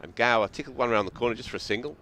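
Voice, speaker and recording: A man's voice: mid-range voice, racing, pushed and bright, slight background noise. A man commentating on cricket, telling reflective anecdotes.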